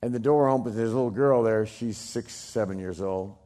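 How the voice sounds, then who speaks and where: Middle-aged guy telling a story, loud bursts then real quiet bits, very dramatic. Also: normal speed, few pauses. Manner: emphatic, swings from loud bursts to hushed low lines. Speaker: speaker telling a personal story.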